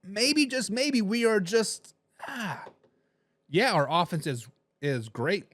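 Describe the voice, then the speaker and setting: A man's voice: sits high, lively intonation, takes it slowly, a bit bright, dry recording. A man hosting a sports talk show, chatting animatedly and rambling while addressing viewers directly. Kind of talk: casual sports commentary.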